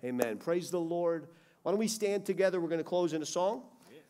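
Animated preacher man, lively pitch. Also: quick pace. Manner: animated, swings from loud urgency to hushed pleading. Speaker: pastor. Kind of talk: sermon. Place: church sanctuary.

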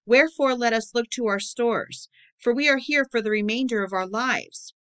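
A woman reading the lines of grim medieval sailors speaking gravely in archaic words. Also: on the high side, normal speed, a bit bright, natural voice.

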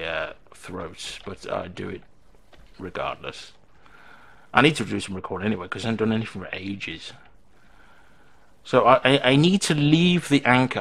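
A man's voice: lowish voice, creaky, a bit bright. A man giving casual let's-play commentary on a horror game, panicking, laughing and chattering to himself into a desktop mic at home. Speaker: gamer playing a horror game. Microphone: desktop microphone. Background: game music.

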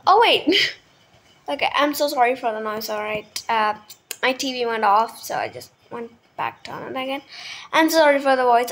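A woman chatting casually at home as she plays a game, excitable, with hushed whispered asides. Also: high-pitched, measured pace, slight background noise. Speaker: gaming video creator. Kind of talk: casual gameplay commentary.

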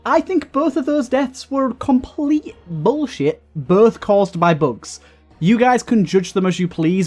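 A young man with a fairly high voice delivers loose, rambling gameplay commentary. He sounds exasperated, full of fillers and restarts as he talks through his run. Faint game music plays behind him. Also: a little mellow. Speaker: gaming YouTuber. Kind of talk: casual let's-play commentary.

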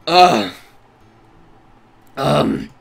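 A man streaming a visual novel, reading its narration aloud and reacting in an excitable, jokey way. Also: medium pitch, extremely slow, gravelly, breathy edge. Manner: excitable, jokey, breaks into laughter.

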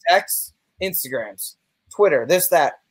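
Animated young man ranting casually. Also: on the high side, takes it slowly, breathy edge, no room sound. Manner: animated, laughing, swearing rants. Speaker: podcast co-host. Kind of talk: casual chat over remote call.

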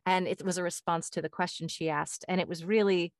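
A woman hosts a podcast in a slightly low voice, speaking with lively enthusiasm. Her sound is dry and close, with no room echo. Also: fairly quick. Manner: enthusiastic, animated storytelling. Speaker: podcast host. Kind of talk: casual interview chat.

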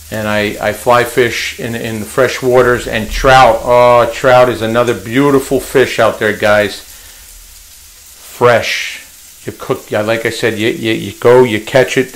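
Middle-aged male home cook, unhurried and chatty, vlog host with a mid-range voice. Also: mid-range voice, low-quality recording. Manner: chatty, repeats himself, calls viewers guys. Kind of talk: casual cooking vlog. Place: home kitchen.

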